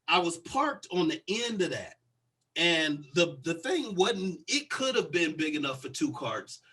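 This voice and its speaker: Husky high-voiced man telling a story. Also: unhurried. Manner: animated storyteller who acts out quotes loudly. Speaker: podcast co-host. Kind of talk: casual chat, storytelling.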